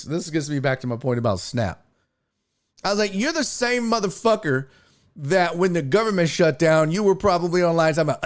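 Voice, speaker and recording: Profane, ranting man, fairly high voice. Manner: angry, profane, swings between shouting and muttering. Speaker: sports talk streamer. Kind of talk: profane ranting live stream.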